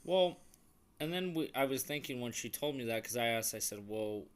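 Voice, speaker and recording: A man's voice: medium pitch, lively intonation, normal speed, smooth. A young man chatting casually on a couple's vlog, earnest and rambling, with many restarts. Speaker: vlogger.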